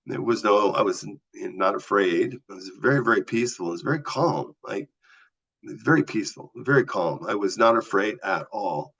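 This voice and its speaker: A man's voice: mid-range voice, vocal fry, slightly rough. A man telling a personal story as a podcast guest, vividly acting out the voices of the people he talks about. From US Southwest. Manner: animated storyteller acting out dialogue. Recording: slightly dull lo-fi audio.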